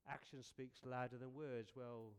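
A man preaching a sermon as a lively, conversational story, often repeating words and asking rhetorical questions. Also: mid-range voice, a little slow, clear, resonant tone.

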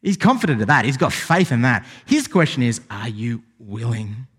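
A man preaching a sermon as pastor, animated and rising to emphatic exclamations. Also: medium pitch, fairly quick, breathy edge. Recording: long hall reverb.

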